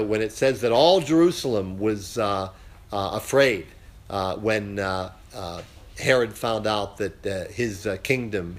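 A man leading a casual Bible study class, speaking haltingly with many filler sounds. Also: on the low side.

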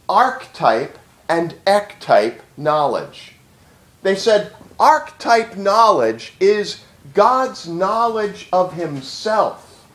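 A man's voice: high-pitched, a bit bright, reverberant. A man preaching a teaching sermon, emphatic and often repeating phrases as he thinks. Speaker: pastor teaching. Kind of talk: sermon lecture.

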